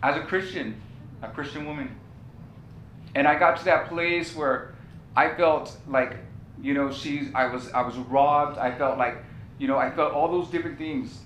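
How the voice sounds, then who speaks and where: Man, pastor, impassioned sermon, repeats lines, roomy church echo, faint rumble. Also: moderate pace, fairly bright tone. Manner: impassioned storytelling preaching with repeated phrases. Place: church sanctuary.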